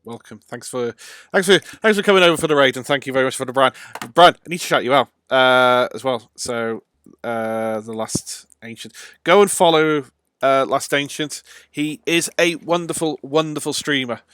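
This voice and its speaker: A man talking over a live video game stream, loose and chatty, pausing often with ums and uhs. His voice sits at an ordinary middle pitch. The sound is dry and close, with no room echo. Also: fairly bright tone, smooth. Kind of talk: casual let's-play livestream commentary.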